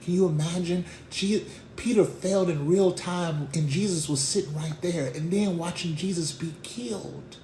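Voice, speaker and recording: Animated preacher in an echoey room. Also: male voice, high voice, normal speed, slight background noise. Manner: animated storytelling, acting out voices in slang. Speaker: pastor. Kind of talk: sermon. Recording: echoey room with faint ambience.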